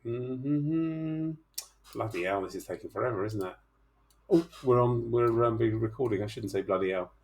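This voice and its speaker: A man's voice: medium pitch, moderate pace, darkish tone. A middle-aged man teaching chemistry in an online class, talking through problems in a chatty, teasing way and coaxing his students to speak up.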